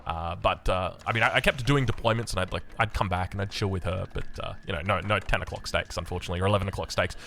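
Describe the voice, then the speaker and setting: An Australian man casting a strategy game, rambling excitably into anecdotes with lots of restarts. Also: deep voice, fast, vocal fry, few pauses, slight background noise. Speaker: game caster.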